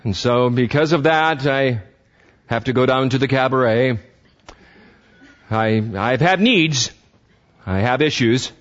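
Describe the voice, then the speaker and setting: A preacher putting on a grown man whining excuses to his wife in a self-justifying way. The voice sits at an everyday middle pitch. The recording sounds muffled. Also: slow, long pauses, close to an everyday voice. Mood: excuse-making.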